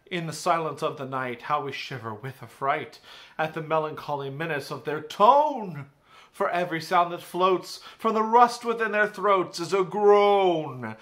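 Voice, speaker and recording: A man, a teacher, giving a theatrical poetry reading that swings between hushed and loud passages. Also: a little high. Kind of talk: dramatic poetry recitation.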